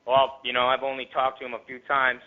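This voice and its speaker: A man's voice: mid-range voice, completely flat delivery, fast. Rapper interview guest from the Tampa Bay area, a man with a mid-range voice, heated profane storytelling, phone-quality audio. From Tampa Bay area, Florida. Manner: heavily profane, streetwise slang; grows heated and louder. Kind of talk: casual storytelling. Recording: tinny phone-line recording.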